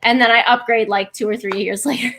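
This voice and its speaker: A woman's voice: a little high, fairly even intonation, fast talker, a bit bright, slight background noise. A woman from Canada with a General American accent, a guest in a casual live stream chat, giggly and rambling with many restarts.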